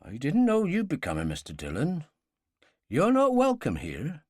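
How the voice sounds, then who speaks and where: A stern, unwelcoming landlady with a curt, cold manner, voiced by a man reading an audiobook. Her pitch moves lively, the sound dry and close. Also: moderate pace, no room sound.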